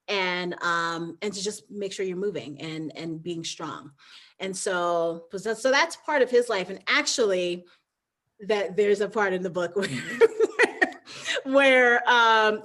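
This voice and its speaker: A woman from the United States talks casually as a guest in an interview. She rambles, restarts her sentences often and breaks into easy laughter, at a middle pitch. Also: a bit bright. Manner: rambling with many restarts and fillers, laughs easily. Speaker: guest, trail runner and author.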